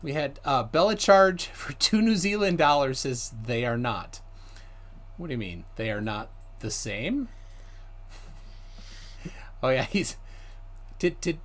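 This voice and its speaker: Man, live-stream host, slow speech, very animated voice, giggly. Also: a little high. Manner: laughing, reads viewer comments aloud. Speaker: livestream host. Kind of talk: casual live commentary.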